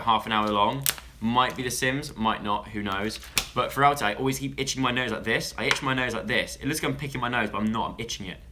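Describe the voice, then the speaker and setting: A man's voice: fairly low pitch, sharp tone. A young man from England chatting casually on a live stream, rambling and interrupting himself as he talks to viewers.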